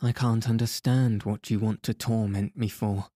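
A man voicing a proud, bitterly upset young woman in an audiobook, reading her lines slowly and low-key. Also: fairly even intonation, dark tone, no room sound, clean studio sound, lightly acted.

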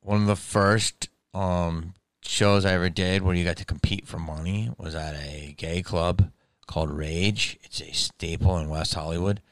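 A man's voice: sits low, no room sound. A man in his fifties delivering a profane, rambling comedic monologue.

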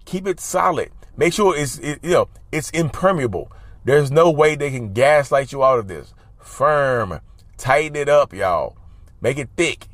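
This man, an advice vlogger, speaks to camera with a medium-pitched, animated voice at a measured pace. Talking casually to his viewers, he hands out advice emphatically and repetitively, frequently calling them y'all, and there's no echo.

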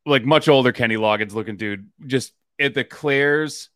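A man's voice: mid-range voice, moderate pace, fairly bright tone, dry recording, clean studio sound. A man co-hosting a casual comedy podcast, laughing and acting out quotes as he retells scenes. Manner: laughing, acts out quotes with voices. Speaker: podcast co-host.

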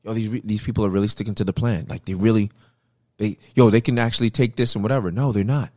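A man in casual chat, telling a story with lively acted-out quotes and lots of repeated words. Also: fairly low pitch, quick pace, dry recording, studio quality. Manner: animated storytelling, acts out quotes; repeats words, frequent fillers.

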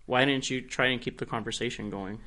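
A young man co-hosting a podcast, talking casually in a crude, animated, mock-accusing way. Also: mid-range voice, a little fast. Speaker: podcast co-host. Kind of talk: casual chat.

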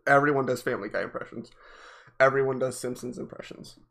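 A man's voice: medium pitch, fairly even intonation, fast, vocal fry, a bit bright. A man with a Northeastern US accent chatting casually as a podcast co-host, rambling with many restarts and fillers. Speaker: podcast co-host, delivery driver. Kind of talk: casual chat.

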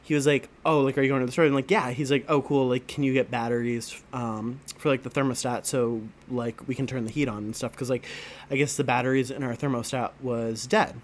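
A man's voice: medium pitch, fairly even intonation, fairly quick, slight background noise. A man co-hosting a casual podcast chat, telling rambling stories full of fillers and laughter. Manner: rambling, laughing storyteller, heavy on filler words. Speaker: podcast co-host.

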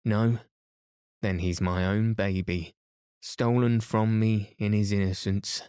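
A man doing a drawling rough traveller man. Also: on the low side, steady tone, warm tone, no echo, clean studio sound. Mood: boastful. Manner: drawling slow dialect. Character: rough male traveller claiming the baby.

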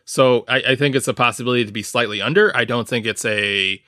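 Casting note: male guest reporter, bright tense tone, measured and filler-heavy, dry mic. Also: mid-range voice, dry recording. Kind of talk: casual sports chat.

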